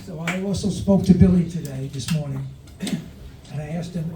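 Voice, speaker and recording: A man's voice: on the high side, moderate pace. A man at a ceremony podium passing on a message he was asked to deliver, speaking conversationally. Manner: relays a quoted message in a conversational way. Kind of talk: podium remarks. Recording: echoey hall from far off with noise.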